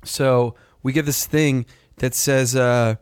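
A man's voice: medium pitch, slow pace, clear, resonant tone, no echo. Casual storytelling man, dry sound. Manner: animated storyteller, acts out quotes, swears freely. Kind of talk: casual chat.

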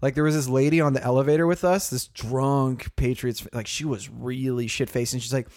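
A man in casual conversation, telling stories in a profane, animated way and mimicking other people's voices. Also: medium pitch, fairly quick, few pauses. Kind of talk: casual chat.

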